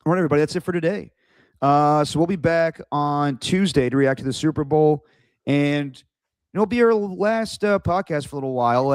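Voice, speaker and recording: A man's voice: a little high, clean tone, no echo. Casting: male sports podcast host, casual storyteller, dry close sound. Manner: laid-back, chatty storytelling.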